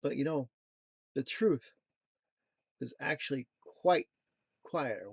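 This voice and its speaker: A man's voice: mid-range voice, animated, takes it slowly, vocal fry, long pauses, breathy edge, dry recording, lo-fi sound. A man hosting a casual motivational talk, drifting into playful jokey asides before coming back to his point. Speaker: motivational show host.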